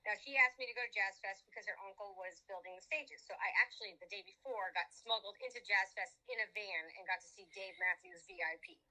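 A woman from Florida, a podcast guest, telling a long, animated and profane story in casual interview chat. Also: medium pitch, fairly quick, few pauses, poor audio.

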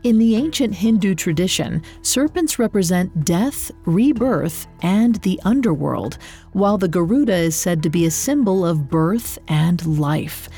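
A woman reading a scripted story in a measured, expressive narrating voice. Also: fairly low pitch, husky, soft background music.

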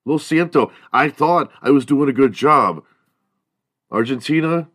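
A man's voice: medium pitch, very animated, a little slow, fairly bright tone, dry recording, studio quality. A man hosting a comedy podcast, talking in a hyped, rambling and profane way. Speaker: podcast host. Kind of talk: casual comedy podcast monologue.

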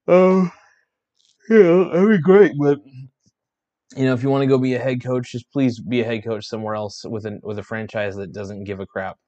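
A tired, yawning sports vlogger rants in exasperation about his basketball team, swearing and restarting sentences as he vents. His voice is medium-pitched with a darkish tone.

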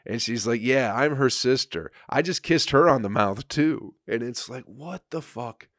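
Profane, laughing comedian telling a story. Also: male voice, mid-range voice, moderate pace, dry recording, studio quality. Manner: profane, animated, rambling with frequent laughs. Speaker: comedian and podcast host. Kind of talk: casual storytelling monologue.

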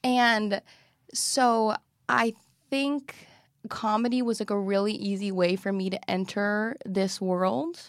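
A woman's voice: medium pitch, fairly even intonation, takes it slowly, dry recording, clean studio sound. A woman comedian and actress as a podcast guest, chatting animatedly and swearing freely, with many "like" fillers. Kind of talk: casual chat.

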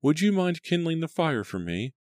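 A man doing a bright, brisk colonial mother. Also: fairly high pitch, sing-song, no echo, clean studio sound, voice pushed up. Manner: cheerful, brisk.

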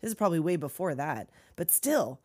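A woman's voice: low-pitched, big pitch swings, brisk, a little mellow, breathy edge. A woman co-hosting a podcast in a casual chat, recorded in an open garage, joking, laughing and swearing often. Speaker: podcast co-host.

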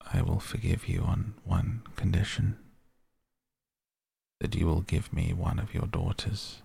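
A man voicing a grim, gravelly beast. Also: deep voice, lively intonation, measured pace, darkish tone, no echo, full character voice. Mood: stern. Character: angry monstrous male beast, stern and grim.

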